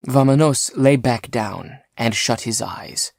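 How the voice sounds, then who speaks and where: Woman audiobook narrator, very slow measured reading, mid-pitched voice, dry close recording. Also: gravelly, darkish tone, no echo. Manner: measured, unhurried storytelling. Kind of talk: scripted narration.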